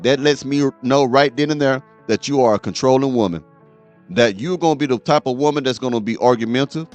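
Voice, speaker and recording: A man's voice: mid-range voice, fairly quick, darkish tone, soft background music. A man hosting a show, lecturing his audience as he reacts to a clip and repeats "okay?" to drive points home. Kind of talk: reaction commentary.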